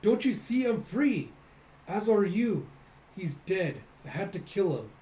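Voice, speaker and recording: A man voicing a desperate young female combat android in a high, strained, pleading voice. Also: sing-song, a little slow, dark tone. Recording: echoey room, faint noise.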